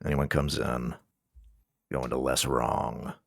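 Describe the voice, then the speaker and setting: A man's voice: extremely low pitch, little pitch movement, slow pace, gravelly, a bit bright, dry recording. A man with a just-woken-up voice chatting on a stream call, joking with dry wit and wordy phrasing. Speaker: guest co-streamer. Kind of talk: casual chat.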